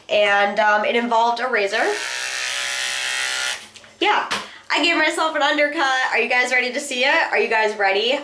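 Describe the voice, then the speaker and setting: A young woman talks straight to her camera in a relaxed vlog, bubbly and chatty with the odd swear word. A cold has left her voice congested and nasal. She sits slightly higher in pitch than most women. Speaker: vlogger. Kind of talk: casual vlog talk to camera.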